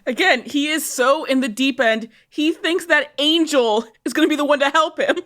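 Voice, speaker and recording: A woman's voice: high voice, normal speed, a bit bright. A woman co-hosting a casual rewatch podcast with wry, blunt remarks and free swearing. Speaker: podcast co-host.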